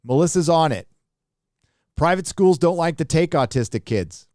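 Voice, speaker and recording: A man's voice: on the high side, lively intonation, moderate pace, a little mellow, no room sound, studio quality. A middle-aged man from Southern California hosting a casual livestream, reading viewer donations aloud in a rambling, laid-back way with lots of fillers.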